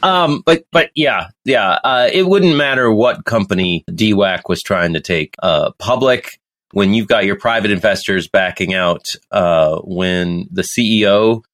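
A man's voice: fairly low pitch, a little slow, a bit bright. A man hosting a casual podcast chat, joking sarcastically, laughing often and restarting his sentences. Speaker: podcast host.

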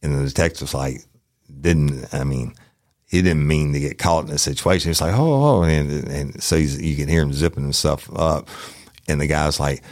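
A man's voice: very deep voice, flat delivery, moderate pace, no echo, studio quality. A middle-aged man, a former detective hosting a podcast, telling stories in a rambling, profane, folksy way. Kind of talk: casual storytelling.

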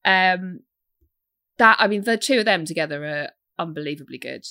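A young woman co-hosting a casual podcast chat, animated and swearing freely. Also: on the low side, moderate pace, no echo, studio quality. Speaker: podcast co-host.

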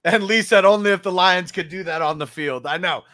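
A man hosting a casual sports podcast, relaxed, reading viewer comments aloud and laughing easily. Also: high-pitched, fairly quick.

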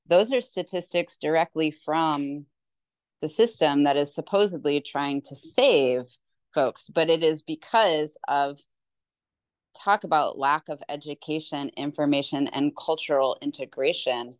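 Low, slow, emphatic woman. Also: no room sound. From Hawaii. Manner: measured, pointed, emphatic. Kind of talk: documentary interview.

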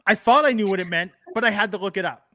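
High-voiced man riffing sarcastically. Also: quick pace, pushed and bright, no room sound. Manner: sarcastic, joking riffs. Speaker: podcast co-host. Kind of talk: casual chat.

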